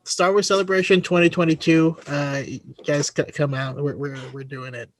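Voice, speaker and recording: A man hosting a casual podcast, speaking in a somewhat high voice. His talk is friendly and halting, full of small restarts. The sound is dry and close, with no room around it. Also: steady tone, no room sound. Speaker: podcast host.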